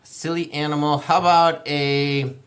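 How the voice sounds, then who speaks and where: A woman's voice: low-pitched, level tone, a little slow. A woman hosting a children's educational show, playful and encouraging, chatting with young viewers as friends and thinking aloud with little laughs.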